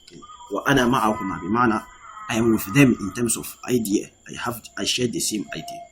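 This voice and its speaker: A man's voice: fairly low pitch, fast, fairly bright tone. A man teaching an online Arabic grammar lesson, reading Arabic sentences and explaining them in English with frequent "okay" checks. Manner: reads Arabic text then translates and explains it in English.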